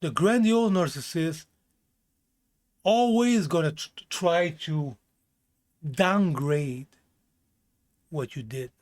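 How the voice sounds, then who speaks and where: A man with a slightly high voice delivers blunt self-help talk, straight to the viewer. He swears freely and hammers his points by repeating them. His grammar slips here and there as he speaks. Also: takes it slowly, long pauses, darkish tone. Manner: blunt, emphatic, swears often, repeats phrases. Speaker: vlogger giving life advice. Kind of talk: casual self-help rant.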